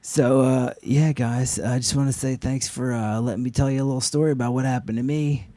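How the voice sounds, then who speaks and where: A man spins an improvised comic story on a live stage, rambling through fillers and curses. His delivery swings between loud outbursts and low asides. The sound is dry and close, with no room echo. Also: steady tone, brisk. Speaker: actor and co-host.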